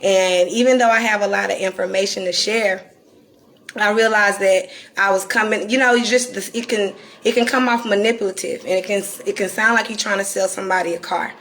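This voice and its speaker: A woman from North Carolina with a Southern accent and a raspy, croaky voice, talking candidly and deliberately to viewers on a live stream. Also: mid-range voice, fairly even intonation, fairly bright tone. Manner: reflective and candid, slowed deliberate delivery. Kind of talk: casual live-stream talk.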